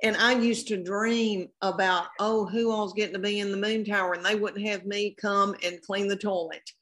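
A woman's voice: mid-range voice, fairly even intonation, normal speed, a bit bright. A woman chats as a podcast guest. Her talk is folksy and self-deprecating, full of long tangents. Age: 50s. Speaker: comedian guest. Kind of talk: casual podcast chat.

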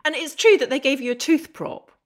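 A woman's voice: sits high, fairly quick. A woman hosting an interview, asking long, earnest questions. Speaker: podcast host.

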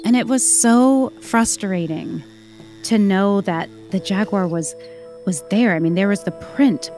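A woman recounting a personal story in a relaxed, reflective voice at a middling pitch. She speaks conversationally, often dropping in little fillers as she goes. Clear music plays underneath her. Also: unhurried. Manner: reflective, uses many fillers like "like" and "you know".

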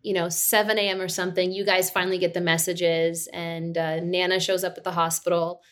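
A woman's voice: lowish voice, level tone, fairly quick, fairly bright tone. Chatty woman telling a personal story. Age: adult mother of two. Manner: chatty, frequent "like" and "you know". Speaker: podcast guest. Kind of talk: casual birth-story telling.

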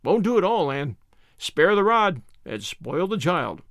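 A man's voice: high-pitched, big pitch swings, measured pace, gravelly, a bit bright, no room sound, studio quality, full character voice. A man voicing a blunt, teasing older farmer with folksy speech in a storybook reading.

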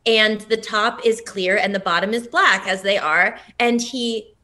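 Bright, giggly chatty woman. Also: mid-range voice, unhurried. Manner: rambling, giggly, full of "like". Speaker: podcast co-host. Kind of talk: casual chat.

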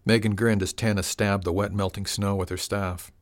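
A man narrating a story in a calm, measured, unhurried way. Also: sits low. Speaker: audiobook narrator.

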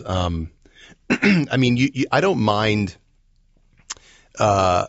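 Gravelly, wry male interview guest. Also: on the low side, big pitch swings, drawn-out words, dry recording, lo-fi sound. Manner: wry, self-deprecating joking. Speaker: guest screenwriter. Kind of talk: casual interview chat.

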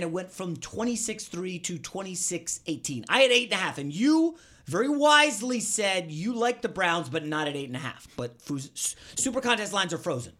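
A man hosting a sports betting podcast, telling stories in an excitable, animated way. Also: high-pitched. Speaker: podcast host.

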